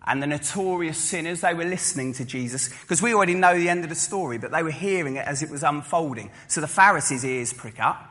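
Bright-voiced man preaching in a hall. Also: fairly high pitch, fast talker. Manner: storytelling, acting out voices of listeners. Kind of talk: sermon. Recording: long hall reverb.

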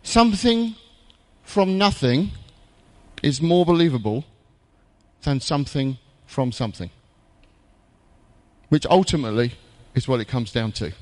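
A man preaching a jokey, conversational sermon in a church, with dramatic pauses. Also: medium pitch, lively intonation, in a large hall.

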